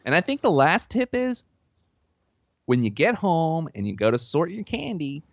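Brief: bragging man with a Southern accent, gravelly, pitch swinging wildly, dull lo-fi sound. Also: sing-song, moderate pace, no room sound. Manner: boastful, rambling, easily sidetracked. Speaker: comedic advice giver. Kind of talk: comedy podcast bit. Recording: dull lo-fi recording.

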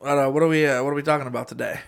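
A man's voice: medium pitch, fairly even intonation, rapid-fire, creaky. A man hosting a podcast, telling a story casually and laughing often. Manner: laughs often, rambling and playful. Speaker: podcast host.

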